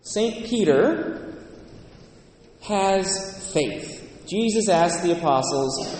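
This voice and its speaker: A man's voice: high voice, moderate pace, a little mellow. A male priest giving an earnest, conversational sermon in a large church. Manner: earnest, conversational preaching with quoted voices. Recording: echoey church, distant mic.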